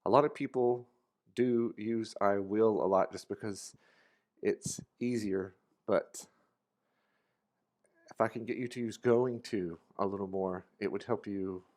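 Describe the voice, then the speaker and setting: A man giving a relaxed, casual English grammar lesson, explaining future tenses with a few fillers. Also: fairly low pitch, unhurried. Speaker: English teacher.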